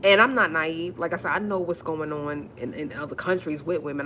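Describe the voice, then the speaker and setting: A woman's voice: sits low, steady tone, moderate pace, hardly any pauses, fairly bright tone, slight background noise. A woman vlogger giving emotional, emphatic commentary on a live stream, repeating herself as she works up her indignation.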